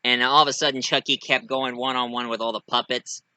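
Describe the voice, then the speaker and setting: A man's voice: brisk, clean tone, no room sound. A man casually telling his own fan story, rambling and hesitant with many fillers. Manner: rambling, hesitant, lively pitch.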